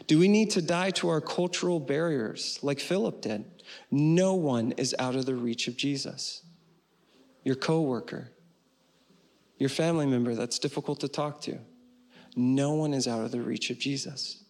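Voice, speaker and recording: A man pastor preaching a sermon in an earnest way, slowing down on key phrases and closing with a prayer. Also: mid-range voice, vocal fry. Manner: earnest, slows for emphasis and ends with prayer.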